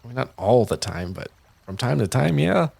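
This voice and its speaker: A man's voice: mid-range voice, very animated, moderate pace, creaky, a little mellow, slightly rough, no room sound, heavily acted. A man voicing a seasoned fighter who is offhand about battles he has seen.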